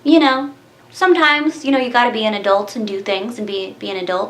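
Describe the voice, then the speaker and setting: A woman talks through a film review in a loose, rambling way, giggling often and leaning on "like" and "um." Her voice sits fairly high. The room around her is echoey. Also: steady tone, fairly quick, a bit bright. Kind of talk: casual movie review chat.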